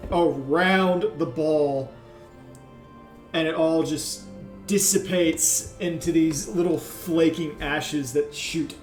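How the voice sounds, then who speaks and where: Male game master, slow narration, higher voice; echoey room, faint music. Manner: unhurried, with frequent "like" and trailing pauses.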